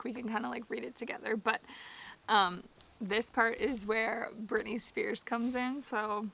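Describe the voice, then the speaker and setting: A young woman from Canada chatting casually about a book she is reading, excitable and full of "like" fillers. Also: on the high side, vocal fry, poor audio. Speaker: book vlogger.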